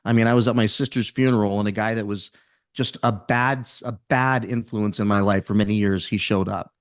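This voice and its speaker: A man with a low, deep voice gives an intense, pep-talk style interview as a motivational speaker. The recording is dry and close, with no room sound behind him. He pushes his points hard and keeps the energy driving. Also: steady tone, a little fast, no echo. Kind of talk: podcast interview.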